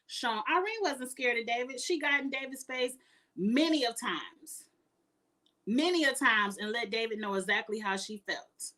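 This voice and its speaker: A woman's voice: mid-range voice, pushed and bright. A woman giving outspoken, emphatic casual commentary as a reality TV reviewer.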